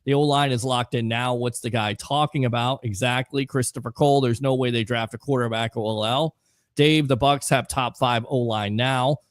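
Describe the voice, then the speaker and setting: Male sports show host, mid-pitched, loose and chatty, dry close sound. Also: steady tone, normal speed, dry recording. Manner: reads viewer comments aloud, chatty and loose. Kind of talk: casual sports talk show.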